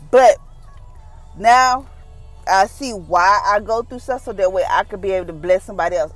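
A woman hosting a devotional podcast, talking about faith in a relaxed, conversational, folksy way. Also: medium pitch, measured pace, pauses often, faint music behind, low-quality recording. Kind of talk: casual devotional talk.

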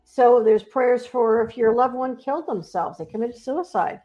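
A woman guest describing her work helping ghosts, speaking as a confident, animated storyteller. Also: fairly high pitch, normal speed, soft background music. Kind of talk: earnest spiritual storytelling. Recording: dull lo-fi sound.

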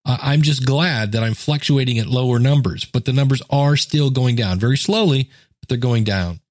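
A man's voice: mid-range voice, moderate pace, no room sound. Earnest middle-aged man, dry close mic. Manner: earnest, conversational, with fillers and emphatic asides. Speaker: podcast host. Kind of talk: casual solo podcast talk, reading and commenting.

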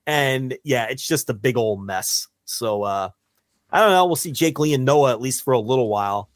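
A man's voice: mid-range voice, moderate pace, dry recording. A man co-hosting a podcast in casual, profane, rambling chat. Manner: animated, profane, rambling with restarts. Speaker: podcast co-host.

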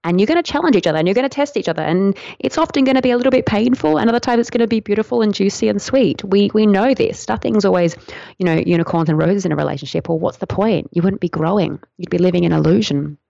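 A woman talking as a podcast guest, explaining tantra in a flowing, earnest, gently instructive way. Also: medium pitch, quick pace, gravelly, no room sound. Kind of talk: podcast interview answer. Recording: dry, dull lo-fi sound.

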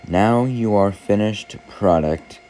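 A man voicing a patient potter who calmly explains his work to a teacup in a storybook parable. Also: fairly low pitch, poor audio. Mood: gentle. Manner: slow, gentle explaining. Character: patient calm male potter, master craftsman.

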